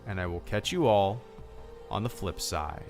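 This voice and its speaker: A man's voice: on the low side, expressive, a little slow, a little mellow, soft background music. A man hosting a live stream, chatting casually in a rambling, laid-back way and swearing now and then. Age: adult, a father.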